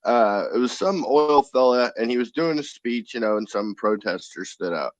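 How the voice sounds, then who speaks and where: A man's voice: medium pitch, lively intonation, normal speed, dry recording. A man talking casually as a podcast guest, rambling with frequent swearing and fillers.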